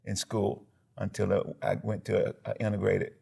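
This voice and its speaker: Gravelly low-voiced man, emphatic. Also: normal speed. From Alabama, USA. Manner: emphatic, animated storyteller who acts out quotes and sound effects. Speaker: pastor and former football player. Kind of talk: personal storytelling in a TV interview.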